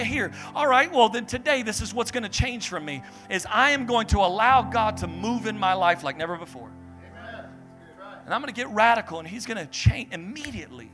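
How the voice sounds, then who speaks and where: A young male preacher with a high, bright, forceful voice delivers an animated sermon, acting out people in his stories. Soft music plays faintly behind him. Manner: animated, acts out Bible figures and family members in quick voices. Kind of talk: energetic sermon.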